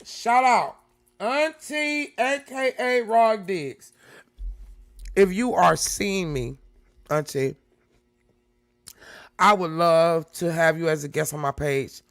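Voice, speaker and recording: A woman hosting a live reaction stream, talking casually and breaking into loud, excited exclamations. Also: fairly low pitch, slow, long pauses.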